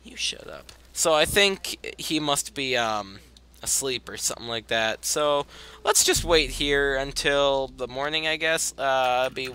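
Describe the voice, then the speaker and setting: A man's voice: medium pitch, a little slow, sharp tone, clean tone. A young man casually commentating his gameplay, rambling, easily sidetracked and apologizing often. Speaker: gaming video host. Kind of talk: casual let's-play commentary.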